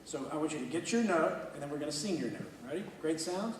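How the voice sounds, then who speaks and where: A man coaching a student orchestra, energetic and encouraging, with quick bursts of praise. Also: fairly high pitch, very noisy. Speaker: orchestra clinician. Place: large hall with an orchestra. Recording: echoey hall from far off, orchestra music.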